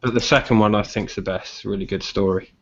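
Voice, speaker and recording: A man hosting a casual live-stream chat, chatty and often pausing on ums. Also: on the low side, steady tone. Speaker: podcast host. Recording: dull lo-fi stream audio.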